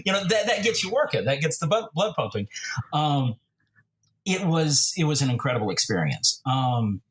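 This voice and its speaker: A man's voice: on the high side, normal speed. Chatty man telling stories in restarts. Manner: rambling, many restarts and fillers, animated storytelling. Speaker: author and podcast guest. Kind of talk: casual interview talk.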